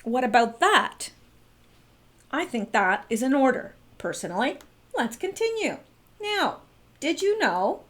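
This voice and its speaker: A middle-aged woman hosting a trivia video, chatting with wry asides to viewers and pitch jumps for emphasis. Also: very animated, a little slow, pauses often, fairly bright tone. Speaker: video host. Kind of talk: casual chat about trivia facts.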